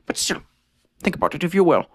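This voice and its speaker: A man's voice: on the high side, very animated, quick pace, fairly bright tone, slightly rough, no echo. A man hosting a comedic conspiracy podcast, rambling and stammering in a mock-serious way. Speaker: podcast host.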